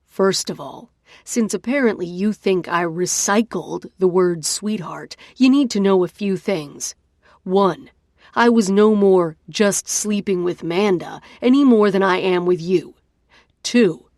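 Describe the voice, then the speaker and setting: A woman's voice: mid-range voice, takes it slowly, dry recording, studio quality. A woman voicing a hurt, angry young man who speaks sharply and emphatically in an audiobook. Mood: cutting. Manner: sharp, emphatic, listing points.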